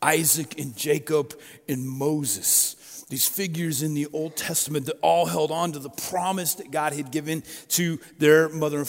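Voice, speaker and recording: A man's voice: fairly high pitch, vocal fry. A middle-aged male pastor preaching a sermon in a conversational, storytelling way with personal asides. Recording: long reverb of a large hall.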